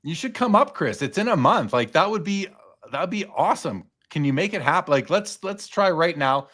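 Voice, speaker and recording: A man's voice: fairly high pitch, expressive, a little fast, fairly bright tone. A man hosting a casual podcast chat, talking loosely and restarting his sentences often. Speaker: podcast host.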